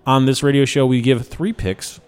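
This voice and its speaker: A man's voice: medium pitch, steady tone, moderate pace, a little mellow, smooth, faint music behind. A man in his thirties from Chicago hosting a radio show in casual, joking, self-mocking chat. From Chicago, USA.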